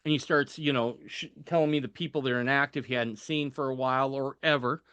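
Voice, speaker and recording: A man's voice: medium pitch, steady tone, quick pace, fairly bright tone, clear, resonant tone, dry recording. A man guest on a podcast telling a personal story, animatedly acting out the voices of people he quotes and chuckling at the funny parts.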